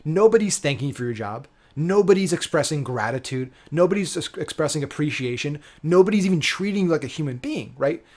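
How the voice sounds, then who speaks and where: A man's voice: fairly high pitch, expressive, a little fast, few pauses, darkish tone. A man giving a casual, emphatic marketing lesson, often checking in with "right?" and swearing casually. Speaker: digital marketing coach. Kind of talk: casual instructional talk.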